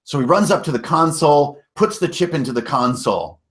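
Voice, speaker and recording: Slightly high-voiced male game master. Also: lively intonation, a little fast, a bit bright. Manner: casual, storytelling, with self-corrections and mild swearing. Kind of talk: narrating a tabletop game recap.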